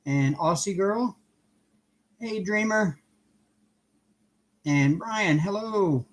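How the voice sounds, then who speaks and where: Speaking very slowly in a high, animated voice, a man greets his livestream viewers by name, one after another, in a cheerful way. He's hosting casually from home while busy with a craft project.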